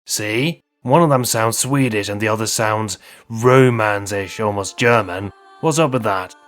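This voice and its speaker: A man narrating a humorous video game story recap with wry, joking asides. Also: lowish voice. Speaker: YouTube narrator.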